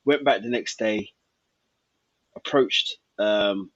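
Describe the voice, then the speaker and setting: A man's voice: on the low side, slow pace, slightly rough, no echo, lo-fi sound. A man, a podcast guest telling a story and acting out old conversations.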